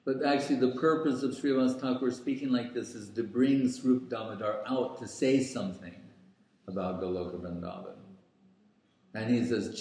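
A man giving a scriptural lecture as a spiritual teacher, speaking deliberately with many pauses and fillers. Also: mid-range voice, mellow. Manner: slow and deliberate, pausing with fillers. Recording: very echoey room.

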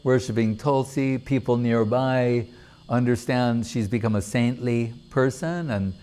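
A man telling a devotional story as a sermon, in an unhurried, deliberate manner. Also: medium pitch, mellow. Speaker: religious storyteller.

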